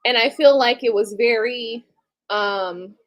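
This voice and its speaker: A woman in her late thirties talks straight to her live-stream viewers, blunt and candid, dropping curse words without a second thought. Her voice sits a touch higher than most women's. She keeps it loose and conversational, like a personal monologue. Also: takes it slowly. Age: late 30s. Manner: blunt, candid, swears casually. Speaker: livestream host.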